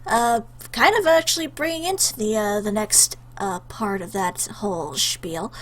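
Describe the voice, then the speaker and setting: A woman's voice: mid-range voice, measured pace, over music. A young woman chatting casually to her webcam, rambling with lots of fillers and restarts, choked up with emotion. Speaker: YouTuber answering a questionnaire.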